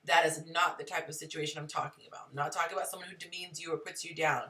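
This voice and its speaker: A woman's voice: sits low, steady tone, quick pace, sharp tone, far from the mic. A woman hosting a live relationship advice stream, talking conversationally and greeting viewers in the chat.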